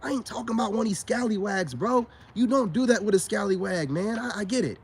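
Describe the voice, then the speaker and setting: Husky high-voiced man preaching boastfully. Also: quick pace. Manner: boastful and preachy, repeats phrases for emphasis; addresses viewers directly as brothers. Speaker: self-styled spiritual advice vlogger. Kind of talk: casual monologue to camera.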